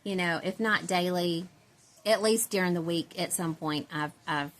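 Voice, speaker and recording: A woman, talking to her viewers in a loose, rambling way. Her voice sits on the lower side, and she laughs easily between thoughts. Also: normal speed. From Central Texas. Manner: rambling, chatty, laughs often, self-described country girl. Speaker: doll-collecting vlogger. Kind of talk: casual chat to viewers.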